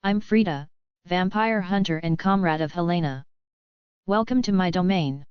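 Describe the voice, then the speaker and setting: A woman's voice: lowish voice, moderate pace, clean tone, no room sound, natural voice. A woman voicing a hospitable female vampire hunter with a German accent, in a dull, dry audiobook recording. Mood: welcoming.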